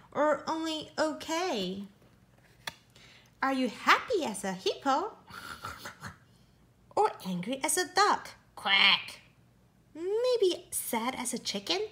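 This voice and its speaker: Female storyteller for a picture book: high and playful, unhurried, ready with animal sounds. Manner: playful, makes animal noises between lines. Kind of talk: reading a children's picture book aloud.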